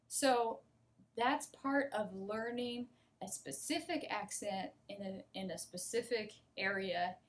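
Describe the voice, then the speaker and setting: American woman, English teacher; unhurried, fairly high voice, keeps checking in with the class. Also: a bit bright. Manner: slow, patient explaining with frequent "okay?" and "right?" checks. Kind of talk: relaxed accent lesson.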